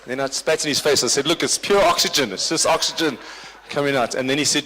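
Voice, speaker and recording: A man's voice: a little high, fast talker, pushed and bright, a little hiss or hum. A man doing stand-up as the MC of a corporate party, teasing the audience in a dry, bantering way. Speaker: comedian and event MC. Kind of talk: live stand-up crowd work. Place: large hall at a corporate function. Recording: long hall reverb.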